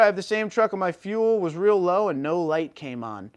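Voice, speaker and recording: A livestream host with a high, expressive male voice reads viewer comments aloud at a moderate pace. He answers each one in an upbeat, casual way.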